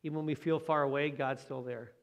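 A man's voice: a little high, steady tone, fast talker. A man preaching a sermon in a conversational way, often asking his listeners questions. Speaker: pastor.

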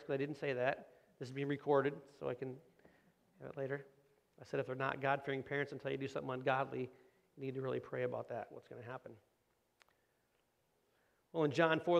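A man's voice: medium pitch, creaky. A middle-aged man preaching a conversational sermon, asking rhetorical questions and acting out quoted voices. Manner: acts out quoted voices of kids and parents. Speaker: pastor.

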